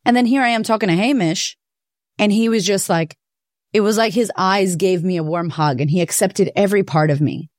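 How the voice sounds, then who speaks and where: A woman hosting a podcast, telling her own story in a candid, profane, animated way. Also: mid-range voice, brisk, dry recording, clean studio sound. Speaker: podcast host. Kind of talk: personal confessional monologue.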